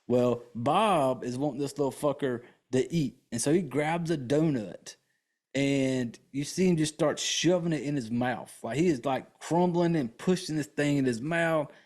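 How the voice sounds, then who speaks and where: A man hosts a podcast, casually recapping a movie in a loose, profane, rambling way packed with fillers. His voice is a little high and a little mellow, and he's unhurried, laid-back, and chatty.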